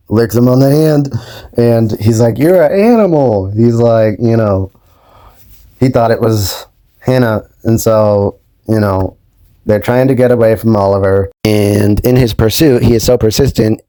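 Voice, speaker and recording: A man's voice: fairly low pitch, warm tone, clear, resonant tone, no echo. A young adult man hosting his own channel, recapping a show in a casual way, hesitant and full of ums and you-knows. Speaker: YouTube host.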